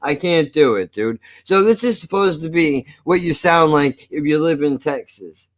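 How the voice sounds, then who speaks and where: A man's voice: a little high, animated, moderate pace. A man chatting casually on a live stream. He jokes, swears a lot and laughs often. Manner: profane, joking, laughs often.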